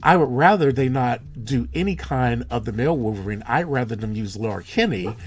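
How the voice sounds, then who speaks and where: A man's voice: mid-range voice, lively intonation, a little fast. A man co-hosting a casual live stream about movies, rambling and restarting his sentences. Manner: rambling, restarts often, laughs at himself. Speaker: co-host.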